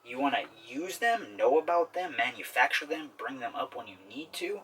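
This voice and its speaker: A man's voice: medium pitch, lively intonation, moderate pace, fairly bright tone, recorded from a distance, slight background noise, poor audio. A man hosting a self-help talk in a casual explainer style, often checking in with "okay?". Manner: repetitive, keeps asking "okay?". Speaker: self-help video host.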